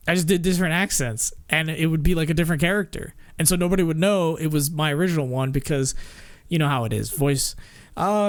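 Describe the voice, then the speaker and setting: A man's voice: fairly high pitch, dry recording. A man streaming in a casual, rambling way, swearing freely and laughing often.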